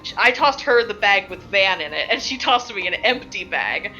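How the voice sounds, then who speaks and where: Bright-voiced woman rambling through a game recap. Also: mid-range voice, animated, moderate pace, dull audio, faint music behind. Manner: rambling, laughing, lots of filler words. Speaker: tabletop game player. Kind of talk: casual recap of a game session.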